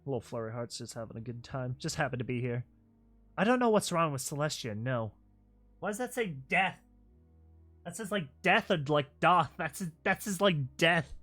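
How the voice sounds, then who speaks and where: A narrator reading a slideshow story aloud and reacting to it, excitable and yelling in disbelief with mild swearing. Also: mid-range voice, normal speed, soft background music.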